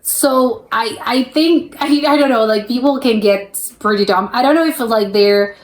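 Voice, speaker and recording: A woman's voice: fairly high pitch, a little slow. A woman hosting a reaction channel, giving a casual, rambling, hesitant intro with nervous laughter. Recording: roomy echo.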